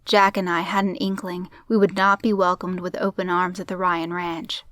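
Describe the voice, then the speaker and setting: A woman narrating a crime story in a steady, measured audiobook reading. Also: lowish voice, no echo, clean studio sound.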